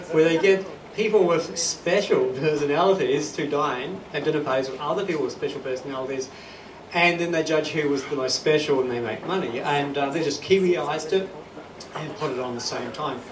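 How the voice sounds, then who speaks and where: Man, New Zealand accent, stand-up comic, rambling asides, slightly high voice, echoey club, distant and noisy. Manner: rambling, self-deprecating storytelling with asides. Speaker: stand-up comedian. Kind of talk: stand-up comedy. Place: comedy club stage. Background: audience laughter.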